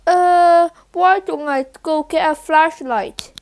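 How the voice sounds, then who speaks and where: A woman's voice: very high voice, slow, full character voice. A woman doing a jumpy, insistent schoolboy. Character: excitable schoolboy sure bats are vampires.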